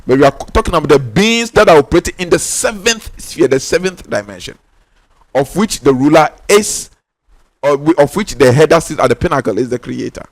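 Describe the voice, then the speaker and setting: Speaking with lively intonation in a slightly high voice, a Ghanaian-accented man gives an insistent spiritual talk with no echo. He stretches out stressed words and repeats his main points for emphasis.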